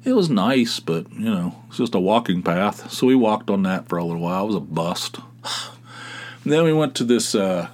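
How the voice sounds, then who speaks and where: A man's voice: lowish voice, animated, normal speed, a little mellow. A middle-aged man hosting a podcast, telling a rambling, sarcastic story in casual talk, with many restarts. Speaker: podcast host.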